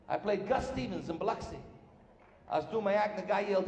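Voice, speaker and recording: A man's voice: high-pitched, darkish tone, a little hiss or hum. A male stand-up comedian, firing off jokes on stage and slipping in character voices. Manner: brash rapid-fire joke delivery, putting on characters' voices. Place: stage before a live audience. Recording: echoey live club sound with room reverb.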